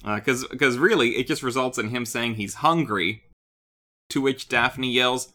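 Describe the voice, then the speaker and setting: A man co-hosting a podcast, recapping a cartoon episode in a casual chat and jumping into quick acted-out character lines. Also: medium pitch. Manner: animated, acts out characters' lines in quick bursts. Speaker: podcast co-host.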